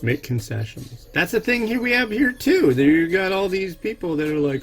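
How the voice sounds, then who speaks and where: Soft music plays as the host of an instant noodle review channel cooks and tastes, chatting in a rambling, opinionated way and frequently starting over. He sounds on the high side and animated, at a normal speed with hardly any pauses.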